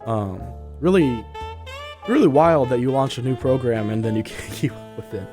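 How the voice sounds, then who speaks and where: A man's voice: medium pitch, moderate pace, music in the background. Congested young man rambling on a podcast. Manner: rambling with many fillers. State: congested, short of breath. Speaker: student radio podcast host. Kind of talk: casual chat, then news reading.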